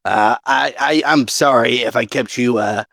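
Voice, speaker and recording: A man's voice: medium pitch, unhurried, vocal fry, a bit bright, no echo, studio quality. A man playing a tabletop game who talks casually, stammering and restarting often. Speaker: player.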